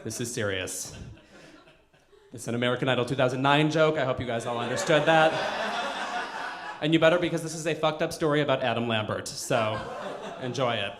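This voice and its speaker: A male stand-up comedian with a flamboyant, quick, auctioneer-like delivery. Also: mid-range voice, reverberant, background noise. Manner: quick, flamboyant, self-described effeminate auctioneer energy. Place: comedy club stage.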